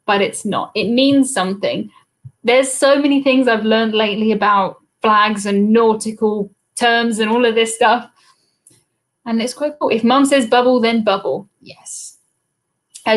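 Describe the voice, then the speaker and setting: A British woman hosts a live cruise trivia stream, chatting casually as she reads viewers' comments and replies into a laptop webcam mic. Her voice is a little high.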